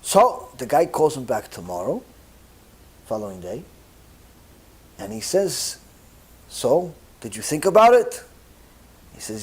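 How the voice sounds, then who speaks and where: A rabbi giving a Torah lecture, telling a story as an animated storyteller who acts out each character's lines. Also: male voice, fairly high pitch, a little slow, long pauses.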